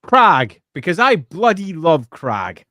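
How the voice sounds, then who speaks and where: A man chatting casually as a regular on a stream, playful and quick to laugh. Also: on the high side, sing-song, bright, forceful tone, no room sound. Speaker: regular panelist. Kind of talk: casual livestream chat.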